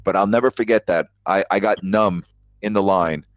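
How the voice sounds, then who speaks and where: A very deep-voiced man hosts a live call-in sports talk show, telling stories with emphatic repetition. The sound is dry and close, with dull lo-fi audio. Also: moderate pace, no room sound. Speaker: sports radio host.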